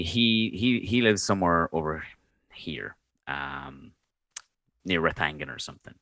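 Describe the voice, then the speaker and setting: Man, 30s, podcast co-host, low pitch, animated storytelling, casual swearing. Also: no room sound. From Ireland. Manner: animated storyteller, swears freely, acts out his own reactions. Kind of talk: casual chat.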